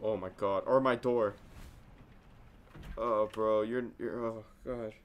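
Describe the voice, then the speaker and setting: A man's voice: lowish voice, steady tone, slow, background noise. A man giving casual reaction commentary on horror shorts, jumpy and slangy, yelping and swearing when startled.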